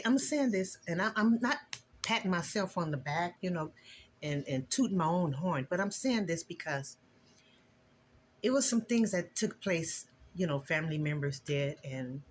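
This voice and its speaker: An older woman and grandmother sharing an earnest, emotional Christian testimony in a casual vlog, with a preachy, expressive delivery. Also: slight background noise. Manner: earnest, preachy and emotional, with lively swings in pitch. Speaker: vlogger.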